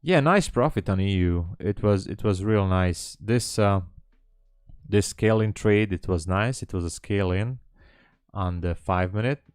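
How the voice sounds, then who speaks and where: A man's voice: lowish voice, a little slow, darkish tone, clear, resonant tone, no room sound, clean studio sound. A man hosting a live trading stream, chatting casually and hesitantly with viewers in a rambling way. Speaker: livestream trading host.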